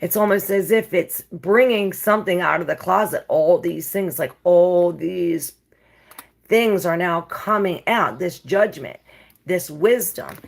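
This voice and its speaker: A woman's voice: mid-range voice, vocal fry, a bit bright. A woman giving a casual tarot reading, musing and rambling in a dreamy way with many fillers. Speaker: tarot reader.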